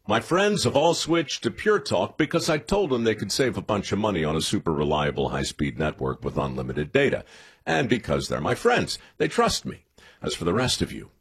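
A man's voice: mid-range voice, breathy edge. A man reading a radio ad in a folksy, wry and conversational way. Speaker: ad spokesman. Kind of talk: scripted radio ad read.

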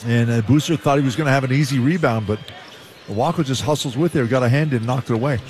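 A man's voice: mid-range voice, quick pace, background noise. This is a Canadian man, a former player who now does the color commentary on basketball broadcasts. His voice sits in a mid register, and he explains each play in an easygoing, conversational way. Faint arena sound runs behind him. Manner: relaxed, explanatory, with frequent "uh" and restarts.

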